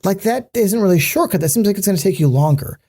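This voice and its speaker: A man's voice: high voice, lively intonation, dark tone. A man co-hosting a podcast in casual chat, critical and ranting, swearing freely and restarting his sentences often. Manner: halting, many restarts. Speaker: podcast co-host.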